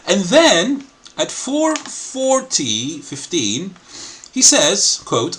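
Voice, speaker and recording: A man's voice: a little high, very animated, takes it slowly, a bit bright, slight background noise. A man hosting a video reaction commentary, laughing often while he talks and mixing American and British accents. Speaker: channel host.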